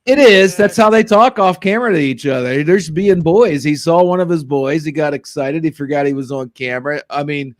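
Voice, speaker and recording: A man hosting a sports talk show in casual, rambling chat. His voice sits a bit high for a man. He talks in an animated way and laughs easily. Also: fairly quick, few pauses. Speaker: podcast host.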